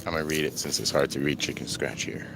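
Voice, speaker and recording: A man with a fast, creaky bass voice livestreams outdoors from a desert skate park camp, with loud music playing behind him. The vlogger rambles casually and fills his talk with lots of fillers.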